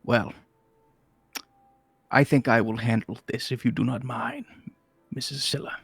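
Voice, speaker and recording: A man voicing a calm, courteous old male wizard with dry understatement. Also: mid-range voice, measured pace, creaky, husky, no room sound, full character voice. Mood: unbothered.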